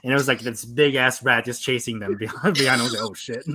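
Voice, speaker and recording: A man's voice: medium pitch, steady tone, fast, sharp tone, breathy edge. A man co-hosting a podcast stream, telling stories animatedly and laughing easily. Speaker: podcast co-host. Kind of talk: casual live-stream chat.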